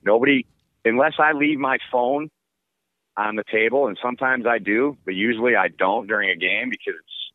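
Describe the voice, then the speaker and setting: Low-voiced man on a tinny line. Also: no room sound. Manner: relaxed, rambling, many fillers. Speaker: sports play-by-play broadcaster. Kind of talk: casual interview answers.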